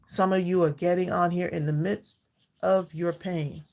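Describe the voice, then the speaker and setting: A woman in her sixties with a gravelly, somewhat low voice, hosting a live stream. She talks in a heartfelt, chatty way, answers her viewers by name and breaks into laughter often. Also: steady tone, moderate pace, a little mellow. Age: 60s. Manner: heartfelt, chatty, reads viewers' comments aloud and greets them by name; laughs often between thoughts. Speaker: livestream craft channel host.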